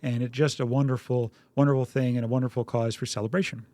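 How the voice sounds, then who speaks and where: Animated male co-host giving parenting advice. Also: mid-range voice, quick pace, no echo. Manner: acts out parent dialogue in animated quoted voices. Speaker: podcast co-host, doctor. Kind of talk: casual parenting advice chat.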